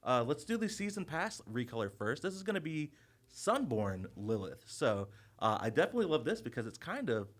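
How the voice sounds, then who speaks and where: Male host, casual preview talk; lively intonation, upbeat, laughs often. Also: medium pitch, fairly quick. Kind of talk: casual game preview discussion.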